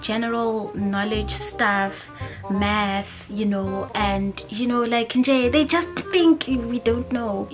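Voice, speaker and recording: A young South African woman with a South African accent, chatting casually to camera and slipping between English and isiZulu mid-sentence. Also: medium pitch. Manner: animated, expressive, switching languages mid-sentence. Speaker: vlogger. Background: background music.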